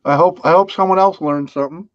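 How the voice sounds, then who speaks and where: A man's voice: fairly high pitch, fast talker, dry recording. A man hosting a casual livestream chat, easygoing and self-deprecating, laughing often. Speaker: livestream host. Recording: dull, dry lo-fi sound.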